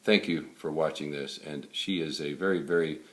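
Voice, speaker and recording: A man's voice: rumbling low, fairly even intonation, moderate pace, fairly bright tone. A man with an American accent hosting a casual promotional interview in a jokey, upbeat way. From England. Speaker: host, spokesperson.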